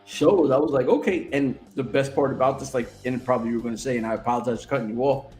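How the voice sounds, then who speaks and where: A man co-hosting a casual wrestling chat show, telling stories in an animated, excitable way with plenty of swearing. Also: medium pitch, fast talker, reverberant, soft background music. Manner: animated, profane, excitable storytelling. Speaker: co-host.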